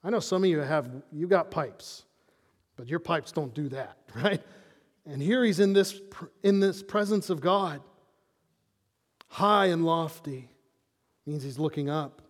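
A man preaching a sermon as pastor, animated and conversational, dropping into hushed awe at times. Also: fairly high pitch, unhurried, pauses often, big-room sound.

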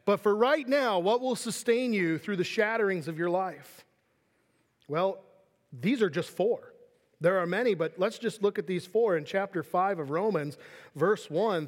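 Male pastor, earnest sermon delivery, high voice, reverberant sanctuary. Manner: earnest preaching, reads scripture slowly, drops to quiet emphasis.

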